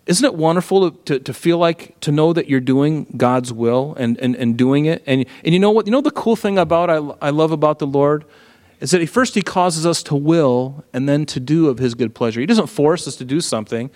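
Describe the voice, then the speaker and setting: A middle-aged man preaching a sermon in a conversational, animated way, full of rhetorical questions. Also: on the high side, a little fast, in a large hall. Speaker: pastor.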